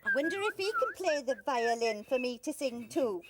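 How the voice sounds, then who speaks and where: A woman's voice: sits high, big pitch swings, moderate pace, heavy background noise. A woman voicing a cheeky, curious puppet bird on a children's show, coy and eager.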